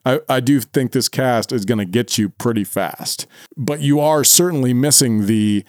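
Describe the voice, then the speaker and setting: A man co-hosting a podcast talks in a loose, casual way, laughing often and restarting sentences as he goes. His voice sits at a middle pitch and sounds dry and close to the mic. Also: normal speed, no echo. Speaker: podcast co-host. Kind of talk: casual chat.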